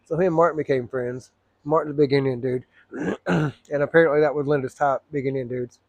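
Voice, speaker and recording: A man's voice: medium pitch, fairly even intonation, a little fast, darkish tone, dry recording, lo-fi sound. Blunt rambling man. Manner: blunt, rambling, profane, frequent throat clearing. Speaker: storyteller. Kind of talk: personal storytelling.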